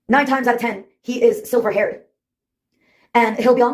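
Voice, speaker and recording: A woman's voice: on the high side, a little fast. A woman in her fifties telling stories in a casual monologue, wry and sarcastic, laughing at her own anecdotes. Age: 50s. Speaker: vlogger.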